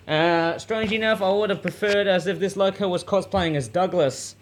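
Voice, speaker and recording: A man, chatting enthusiastically and a little rambly while reviewing and running a toy train. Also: high voice. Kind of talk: casual unboxing commentary.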